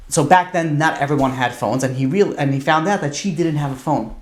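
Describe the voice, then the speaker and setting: A man, a rabbi, telling a long story in a lively way, full of "you know" asides. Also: on the high side, a little fast. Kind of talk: storytelling talk. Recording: roomy echo.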